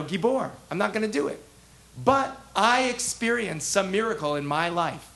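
A man teaching a text class as a rabbi, animated, asking the class questions and acting out the prophets' voices. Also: sits high, creaky. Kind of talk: interactive text lesson.

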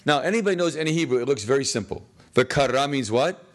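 A man's voice: medium pitch, animated, fast. A man teaching a class through a text, constantly posing questions to the room and answering them himself, with jokey asides. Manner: jokey, chuckles at his own lines. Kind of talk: classroom text study lecture. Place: classroom with students.

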